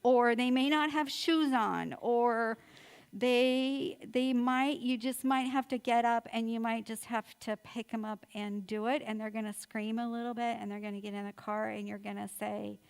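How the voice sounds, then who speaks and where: A woman's voice: on the high side, steady tone, moderate pace, gravelly, smooth. An older woman therapist giving an informal, chatty talk to mothers, encouraging and acting out everyday quotes.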